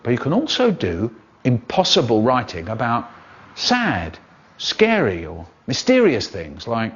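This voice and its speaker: An older man, a poet and storyteller who performs poems and talks in a playful, highly expressive way, drawing out his words. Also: unhurried, husky, dull audio. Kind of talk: expressive poetry performance and talk.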